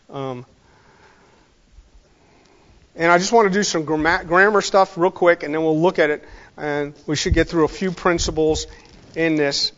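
High-voiced man teaching scripture, muffled. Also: a bit bright. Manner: conversational, emphatic, digressive, with self-corrections. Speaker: Bible teacher. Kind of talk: informal verse-by-verse sermon.

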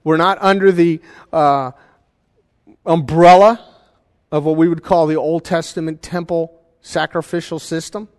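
A man's voice: a little high, fairly even intonation, measured pace. Man preaching in a reverberant hall. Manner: conversational preaching, checks in with the congregation. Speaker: pastor. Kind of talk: sermon.

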